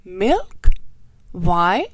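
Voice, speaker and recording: A woman's voice: fairly low pitch, sing-song, very slow, no room sound, exaggerated voice. A woman voicing a little girl who is upset and pleading over her sick puppy. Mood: puzzled. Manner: pleading, tearful.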